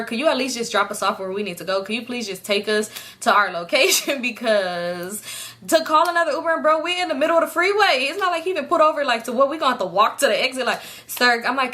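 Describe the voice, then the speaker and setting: A young woman, telling a casual storytime, animated and laughing as she quotes the people in her story. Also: fairly high pitch.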